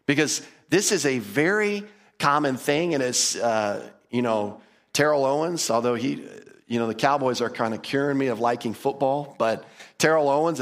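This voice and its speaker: A male pastor preaching a casual, humorous sermon, acting out little quotes as he goes. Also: mid-range voice. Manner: conversational, humorous, acts out quotes.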